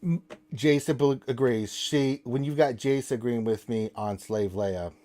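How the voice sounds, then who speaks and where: A man's voice: medium pitch, measured pace, mellow. A man hosts a casual live stream and talks straight into a desk mic. He answers questions from chat and ribs his viewers and co-host with playful, mock-offended banter.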